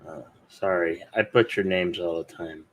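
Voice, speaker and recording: A man's voice: low-pitched, steady tone, normal speed, a bit bright, muffled recording, slight background noise. A man hosting a casual chat, playful and goofy, slipping into silly voices and quotes. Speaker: stream host.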